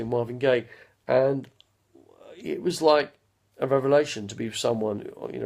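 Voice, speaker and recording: A man's voice: mid-range voice, gravelly, darkish tone. A man in his fifties chatting casually on a live stream from home, rambling through anecdotes and trailing off to recall names. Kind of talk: casual chat.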